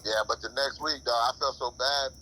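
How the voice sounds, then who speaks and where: A man's voice: medium pitch, a little fast, a little hiss or hum, rough recording. A man telling work stories in casual, profane chat on a podcast. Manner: profane, animated storytelling. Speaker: podcast co-host.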